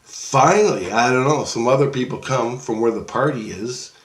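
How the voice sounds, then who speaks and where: A man telling a dream story in a rambling, excitable, profane way and acting out the dialogue. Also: medium pitch, normal speed, reverberant.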